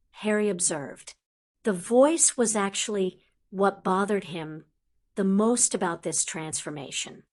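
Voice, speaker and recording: A woman narrating a fantasy audiobook in an even storytelling manner. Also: medium pitch. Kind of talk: scripted fiction narration.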